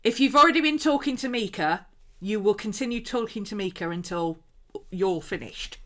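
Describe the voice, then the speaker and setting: A woman's voice: medium pitch, normal speed, pushed and bright. Chatty lady rambling while she crafts at home, laughs a lot, side comments as she paints. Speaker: host. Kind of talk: casual craft livestream chat.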